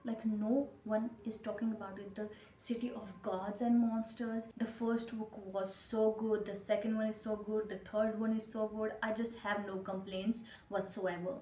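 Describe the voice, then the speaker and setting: A woman's voice: medium pitch, level tone, normal speed, hardly any pauses, warm tone. A woman giving a casual, opinionated book review vlog, chatting with frequent restarts. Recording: echoey room with faint background noise.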